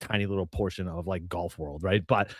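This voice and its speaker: A man co-hosting a casual golf betting podcast, ranting with lively, profane emphasis. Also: sits low, brisk, no echo. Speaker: podcast co-host. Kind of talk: casual sports betting chat.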